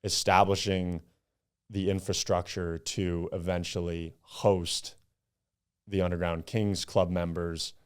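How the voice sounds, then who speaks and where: A young man from Upstate New York, a podcast guest, chatting casually and acting out his stories with animated quotes and some swearing. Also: deep voice, slow pace, clean tone. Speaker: podcast guest, club founder.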